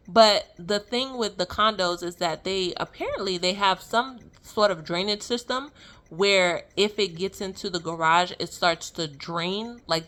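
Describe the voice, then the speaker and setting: A young adult woman telling a personal story in a casual, animated way, full of fillers and laughing as she goes. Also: medium pitch. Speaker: vlogger sharing a testimony.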